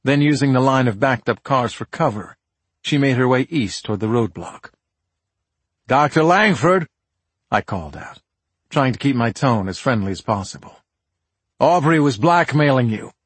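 A man reads a crime story in the first person, steady and tense. His voice is husky and sounds close and dry, with no room echo. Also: mid-range voice, a little fast. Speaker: audiobook narrator. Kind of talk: first-person audiobook narration.

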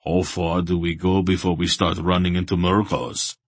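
A man voicing a big, rumbling warrior who speaks bluntly. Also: little pitch movement, normal speed, no room sound. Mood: gruff.

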